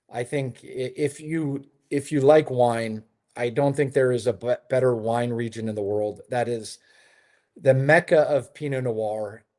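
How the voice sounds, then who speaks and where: A man's voice: mid-range voice, a little mellow. A man, a hotel developer, talking casually as an interview guest, telling long stories with a lot of fillers and restarts. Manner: chatty storyteller, many fillers and restarts. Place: his home in Lisbon.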